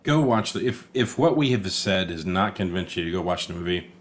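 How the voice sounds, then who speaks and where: A man's voice: deep voice, expressive, fairly quick. A man co-hosting a casual movie-review podcast. He is laid-back and tired late at night, swears freely, and often trails off mid-thought. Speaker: podcast co-host.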